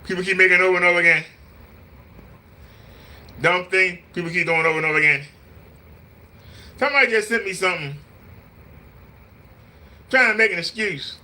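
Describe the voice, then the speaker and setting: A man's voice: high-pitched, sharp tone. A man, talking casually on a live stream in a preachy, repetitive, scolding way. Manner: mimics voices in quotes. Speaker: vlogger.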